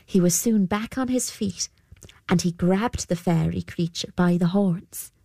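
A woman narrating a folktale in a measured storybook manner. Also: lowish voice, vocal fry, mellow, no room sound, clean studio sound.

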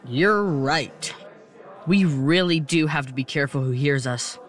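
An actor playing a sarcastic schoolboy with a whiny, unhurried delivery in an audio drama. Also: mid-range voice, noisy background, lightly acted. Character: wisecracking schoolboy who hates big words.

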